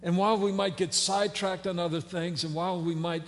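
Folksy pastor in a reverberant hall. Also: male voice, high voice, fairly even intonation, brisk. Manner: conversational and folksy, with fillers and playful asides. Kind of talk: sermon. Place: church sanctuary.

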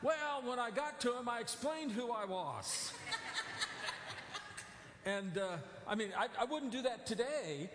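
A man's voice: extremely high pitch, expressive, unhurried, pauses often, background noise. A male pastor giving a sermon in a church, talking in a conversational way with many fillers and self-corrections. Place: church sanctuary. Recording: echoey church hall.

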